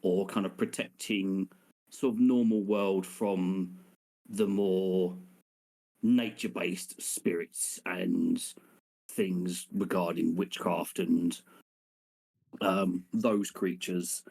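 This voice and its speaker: A man playing a tabletop game, describing his character haltingly with lots of "sort of" and "um". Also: low voice, steady tone, gravelly, darkish tone. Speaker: player.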